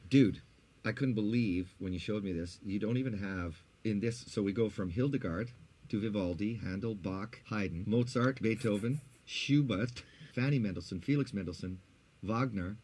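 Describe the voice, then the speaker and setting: A man co-hosting a podcast in casual chat, animated and teasing. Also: on the low side, moderate pace. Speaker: podcast co-host.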